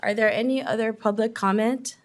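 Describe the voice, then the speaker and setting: A woman's voice: on the high side, steady tone, fairly quick. A woman chairing a council meeting, polite and hesitant, with many fillers. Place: council chamber.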